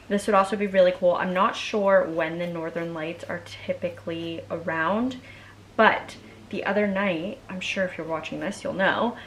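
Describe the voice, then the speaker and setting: A woman's voice: mid-range voice, slight background noise. A young woman vlogging at home, chatting casually and bubbly, saying "like" a lot while she does her nails. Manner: chatty, bubbly, heavy use of "like".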